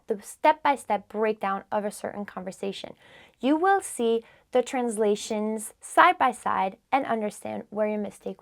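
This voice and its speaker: A woman teaching a beginner language lesson, modelling phrases slowly and translating each one patiently. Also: on the high side. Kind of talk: slow, clear teaching with repetition.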